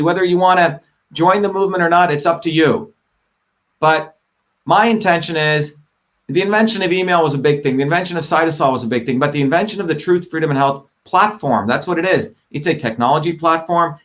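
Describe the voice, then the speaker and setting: A man's voice: fairly high pitch, brisk, fairly bright tone. A middle-aged man hosting a live online show, talking in an emphatic, combative way, repeating his points and swearing. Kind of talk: live-stream monologue.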